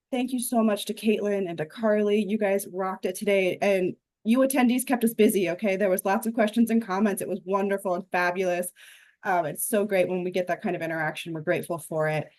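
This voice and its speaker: A woman's voice: medium pitch, a little mellow. A woman hosting a live online webinar over a video call, wrapping up in an upbeat, chatty way. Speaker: webinar host.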